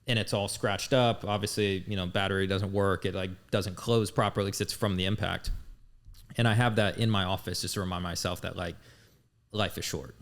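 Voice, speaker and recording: A man's voice: low voice, steady tone, a little fast. A man in his thirties, a podcast guest telling his life story in a candid, blunt way, swearing freely. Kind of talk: casual storytelling.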